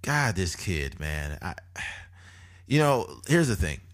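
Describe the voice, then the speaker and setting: A young man co-hosting a casual podcast chat, blunt and loose, swearing freely with animated asides. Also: low-pitched, slow. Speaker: podcast co-host.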